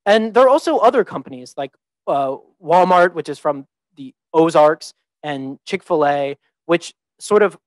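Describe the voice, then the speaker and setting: A man's voice: fairly high pitch, no room sound, rough recording. A young man giving an informal talk to students as a teaching fellow, thinking aloud with many ums and restarts. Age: young adult. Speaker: visiting teaching fellow presenting.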